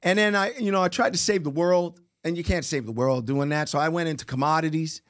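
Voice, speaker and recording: A middle-aged man animatedly tells his own story in a casual chat, acting out what people said. His voice is a little high and his pace brisk.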